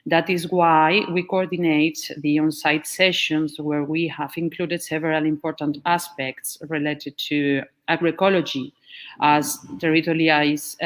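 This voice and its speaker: A woman from Spain, giving a steady prepared speech for an organizing committee. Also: low voice.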